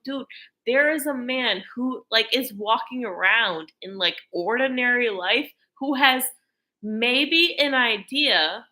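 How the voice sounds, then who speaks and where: A woman's voice: high-pitched, sharp tone. A woman vlogger talking in an intense, rambling, profane monologue full of fervent religious talk. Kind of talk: emotional spiritual monologue.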